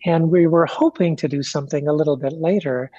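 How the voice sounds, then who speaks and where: Radio guest: woman from Kentucky, husky, speaks measured and candid, dry muffled line. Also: sits low, fairly even intonation, dark tone, no echo. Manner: measured, candid, with fillers and restarts. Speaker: guest, pastor and author. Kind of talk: reflective radio interview.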